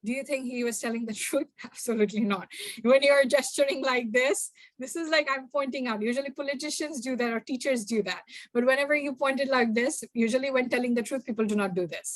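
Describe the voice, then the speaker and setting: A young woman giving a workshop talk, addressing the audience directly in an animated way. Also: high voice, fast, no room sound. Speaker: workshop speaker. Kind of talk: workshop talk mixing two languages.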